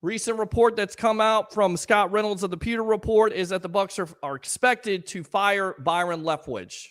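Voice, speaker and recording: A man's voice: high voice, normal speed, fairly bright tone. A male sports talk host taking callers after a loss, frustrated and emphatic, firing off rhetorical questions. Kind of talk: call-in sports talk show.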